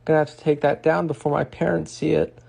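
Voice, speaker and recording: A woman with a low, gravelly voice narrates a vlog. She talks slowly and deadpan.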